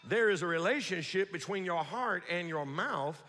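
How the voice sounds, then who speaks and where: A man preaching a Sunday sermon as pastor, calling for amens and repeating key words slowly for emphasis. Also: sits high, expressive, pushed and bright. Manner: preaching with call-and-response, slow emphatic repetitions. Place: large church sanctuary. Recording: long hall reverb.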